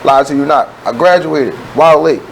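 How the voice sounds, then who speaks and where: A man's voice: on the high side, moderate pace, gravelly, slight background noise, poor audio. A young man from West Baltimore, co-hosting a radio show and telling a story in a casual, emphatic way with plenty of swearing. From West Baltimore, USA. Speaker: co-host.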